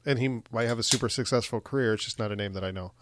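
A man's voice: fairly low pitch, very fast, a little hiss or hum. A man co-hosting a podcast, recapping a film plot in a rambling, hesitant casual chat. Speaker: podcast co-host. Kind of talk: casual movie discussion.

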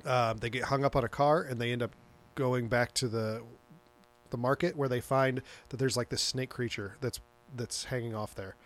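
A man's voice: mid-range voice, fairly even intonation, moderate pace. A man hosting a casual chat, rambling through a movie recap with plenty of swearing and laughter. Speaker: podcast host recapping a movie.

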